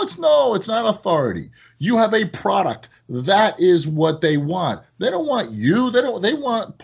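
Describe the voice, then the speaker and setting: On a podcast where he appears as a guest, a product company owner tells stories casually and with plenty of energy. His voice is gravelly with a breathy edge, and the recording has its highs cut off. He's animated, and his voice rises high when excitement takes over.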